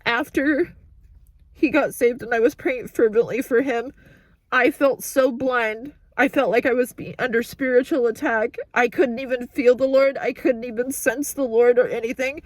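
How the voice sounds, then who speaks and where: A woman vlogger giving an emotional update while crying, talking in halting, broken sentences into a handheld phone. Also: a little high, fairly even intonation, no echo. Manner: halting, restarting sentences, overwhelmed. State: tearful, crying. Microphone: phone held in hand.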